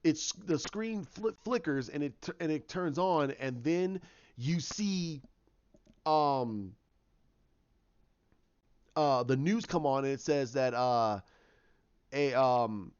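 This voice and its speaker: A man's voice: on the high side, animated, slow, pauses often, darkish tone, smooth. A man casually retelling his own movie idea, rambling with many restarts and fillers. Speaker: fan pitching a movie idea. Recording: dull lo-fi recording.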